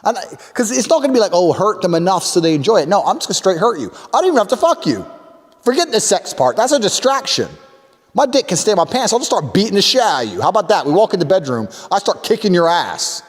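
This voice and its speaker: A man's voice: sits high, big pitch swings, fast talker, big-room sound. A man talking in a boastful, crude and provocative way in a recorded talk clip.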